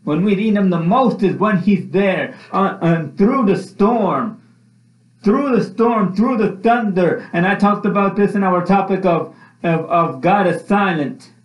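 A man preaching with slow, deliberate emphasis and a fairly high voice, repeating his phrases with rising passion. The sound is dull and lo-fi, with the echo of a roomy church hall. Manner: impassioned, repeats phrases, rises and falls. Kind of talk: sermon. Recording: echoey room, dull lo-fi sound.

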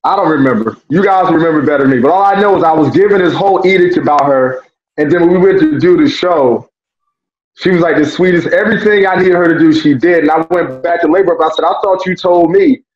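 Brief: relaxed man with a high voice, reflective storyteller, dull roomy recording. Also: fast. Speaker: former music TV show staffer. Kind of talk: casual chat.

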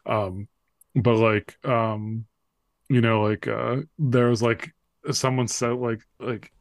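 A man's voice: medium pitch, flat delivery, slow pace, dry recording, studio quality. A man, a former football player, telling stories as a podcast guest in a loose, rambling way full of fillers and restarts. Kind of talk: casual storytelling chat.

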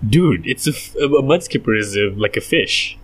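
A man's voice: medium pitch, lively intonation, moderate pace, slightly rough. Rambling, jokey man. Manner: rambling, jokey, laughs often, slips into silly voices. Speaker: podcast co-host. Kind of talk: casual chat.

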